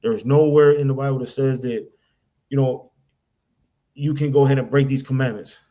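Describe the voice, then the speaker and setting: A man's voice: mid-range voice, fairly even intonation, moderate pace, dark tone. Man, preacher type, blunt rant, trips over his words, plain mid-range voice. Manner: blunt, repetitive, slangy, mimics people in asides; stammers and repeats words. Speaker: street preacher.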